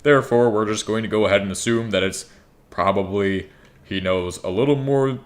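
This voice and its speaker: Rambling young man, lowish voice, gaming chat. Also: normal speed. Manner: rambling, joking, swears freely. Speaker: gaming YouTuber. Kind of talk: casual gameplay commentary.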